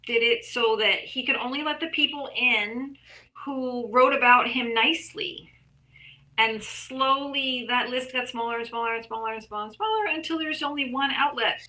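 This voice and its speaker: A woman talks in a bright, forceful voice that sits a little high. She is blunt and emphatic, with frequent swearing as she makes her points. She is a guest chatting casually about her views. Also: poor audio. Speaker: guest, artist and art teacher. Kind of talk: casual conversation.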